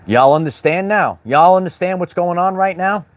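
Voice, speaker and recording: A man's voice: sits high, moderate pace, no echo. A man hosting a spiritual livestream, talking in a preachy, repetitive way and calling out chat viewers by name. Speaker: livestream host.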